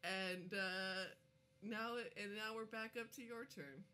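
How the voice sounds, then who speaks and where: A woman's voice: mid-range voice, fairly even intonation, slow pace, pushed and bright. A woman narrating as game master of a tabletop game, giggling often.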